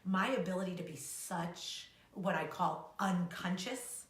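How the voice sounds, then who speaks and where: A woman coach talking casually on a live stream, animated and laughing as she acts out her own inner voice. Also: on the low side, unhurried, roomy sound. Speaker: co-founder and life coach.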